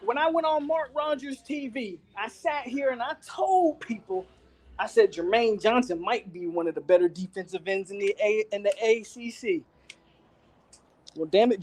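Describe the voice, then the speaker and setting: A man hosting a live fan reaction stream, out of breath, talking in excited, repetitive slang outdoors in the wind. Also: sits high, moderate pace. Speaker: channel host. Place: outdoors, windy.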